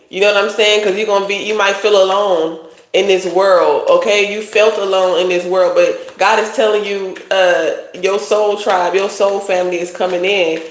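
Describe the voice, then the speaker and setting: A tarot reader giving a casual livestream reading, talking bluntly in profane slang. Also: medium pitch. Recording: roomy echo.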